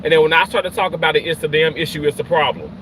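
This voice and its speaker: A man who works in healthcare, ranting in an emotional vlog, swinging from loud yelling to quiet, halting talk, often repeating himself and swearing. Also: fairly high pitch, fairly even intonation, a little hiss or hum, low-quality recording. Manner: repeats and restarts phrases, swears. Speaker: healthcare worker.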